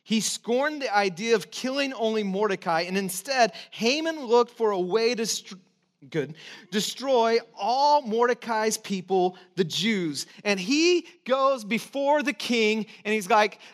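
A man preaching a sermon in a conversational, emphatic way, with restarts and asides, sometimes dropping to soft encouragement. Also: high-pitched, animated, a little slow. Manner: drops to soft, intimate encouragement. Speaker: pastor.

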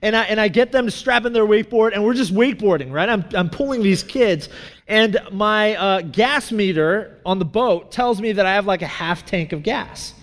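A man with a notably high voice gives a sermon in a relaxed, chatty way, drifting through asides and "like"s as he tells a story. His voice carries a long reverb from the hall around him. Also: normal speed. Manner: casual, storytelling, many fillers and asides. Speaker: pastor.

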